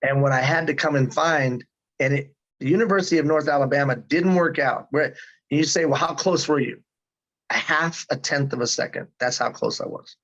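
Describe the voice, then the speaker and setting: A man's voice: fairly high pitch, moderate pace, fairly bright tone, muffled recording. A man in his fifties telling his story in a casual interview, earnest and emphatic. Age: 50s. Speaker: guest.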